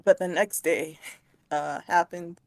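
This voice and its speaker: A woman's voice: lowish voice, steady tone, slow pace, vocal fry, a little mellow, no room sound. A woman co-hosting a casual chat, telling a silly story in a rambling way, giggling and tripping over words. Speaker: co-host. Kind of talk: retelling a silly made-up story.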